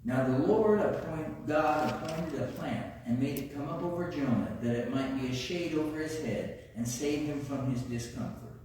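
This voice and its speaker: A man's voice: mid-range voice, moderate pace, few pauses, darkish tone, slight background noise. A man preaching a sermon in a conversational way, often asking his congregation rhetorical questions. He is recorded in a church sanctuary from a distance. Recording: echoey church hall, far-off mic.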